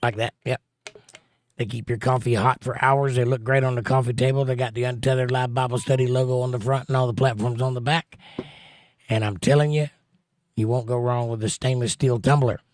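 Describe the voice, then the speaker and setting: A man hosts a relaxed livestream from a home setup, greeting viewers and reading their comments aloud. His voice sits in a middle register and he slips in puns and wisecracks. The sound is close and dry with no room around it. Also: mid-range voice, no room sound. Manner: jokey, chatty, quick to pun. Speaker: livestream host.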